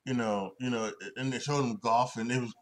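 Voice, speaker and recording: A man's voice: mid-range voice, steady tone, brisk. A young man hosting a solo sports podcast, talking in a rambling way with many restarts and fillers and frequent chuckles. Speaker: podcast host.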